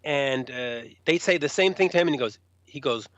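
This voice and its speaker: A man's voice: medium pitch, normal speed, no echo. A man, a rock journalist, casually telling stories and acting out the people in them. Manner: animated, acts out others in raised voices. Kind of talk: casual storytelling. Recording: dull lo-fi dry sound.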